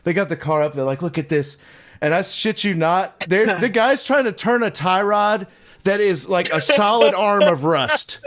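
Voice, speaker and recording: Animated, profane man telling a story. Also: high voice, normal speed. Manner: animated, profane, laughing storyteller acting out quotes. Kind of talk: casual storytelling.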